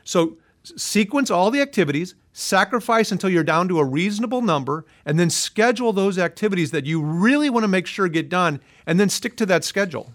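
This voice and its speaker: A man's voice: high-pitched, lively intonation, a little fast. A man being interviewed as a management consultant, explaining his advice earnestly, point by point. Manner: earnest, list-driven explaining. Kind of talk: interview answers.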